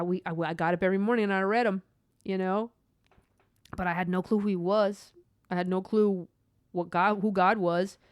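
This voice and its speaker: A woman's voice: mid-range voice, clean tone, dry recording, studio quality. A woman hosting her own faith podcast, talking in an earnest, rambling way with lots of asides. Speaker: podcast host. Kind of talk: personal faith podcast monologue.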